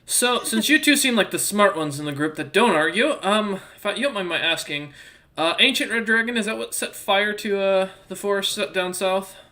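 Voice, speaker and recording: A man's voice: high voice, expressive, normal speed, bright, forceful tone, voice pushed up. A man voicing a composed, blunt female soldier who speaks in a dry, businesslike way.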